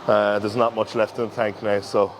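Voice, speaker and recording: A bodybuilder and coach talks a viewer through a gym session in a casual training vlog, his voice fairly low and his pace moderate. He's relaxed and instructive, giving gym cues sprinkled with fillers, and there's background noise.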